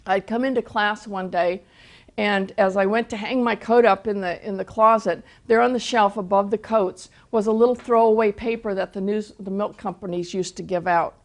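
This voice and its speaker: A woman's voice: mid-range voice, fairly even intonation, normal speed. An older woman, a Christian teacher, telling a personal testimony in a storytelling way, often restarting her words.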